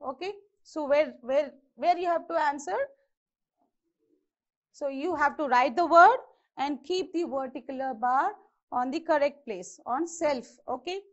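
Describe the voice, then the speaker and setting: High-voiced woman teaching English stress. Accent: Indian English. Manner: slow, repeats each word to model its pronunciation. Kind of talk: exam-prep grammar lesson. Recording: dull lo-fi sound.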